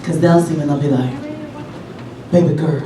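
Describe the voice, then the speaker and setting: A woman from Long Island doing a raunchy stand-up set, telling brash, animated stories with big jumps in pitch. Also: rapid-fire, crowd noise. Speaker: stand-up comedian. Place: comedy club stage. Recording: roomy club sound from a distance, loud audience. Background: audience laughter.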